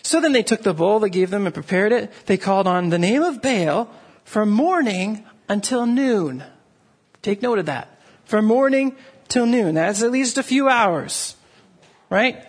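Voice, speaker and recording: A male pastor delivers a lively sermon, walking his listeners through a scripture passage verse by verse. His voice sits high for a man and has a husky edge. He keeps checking in with his listeners with a quick "right?". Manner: animated, asks the audience "right?" often.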